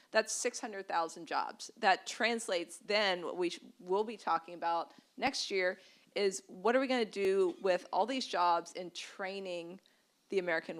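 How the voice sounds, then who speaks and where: A woman panelist making earnest points on trade and jobs, often restarting her sentences. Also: fairly low pitch. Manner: earnest, repetitive, frequent restarts. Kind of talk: policy panel remarks.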